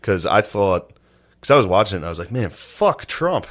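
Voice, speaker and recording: A very low-pitched man chatting on a comedy podcast. He tells stories in an easygoing way, slips into quoted voices and laughs a lot. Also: fast, a bit bright. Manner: laid-back storytelling, acts out quotes, laughs often. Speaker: podcast co-host. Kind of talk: casual comedy podcast chat.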